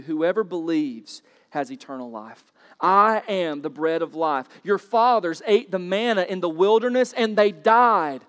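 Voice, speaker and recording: A man preaching a sermon, asking rhetorical questions and rising to loud, emphatic bursts. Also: a little high, expressive, moderate pace, big-room sound. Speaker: pastor. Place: church sanctuary.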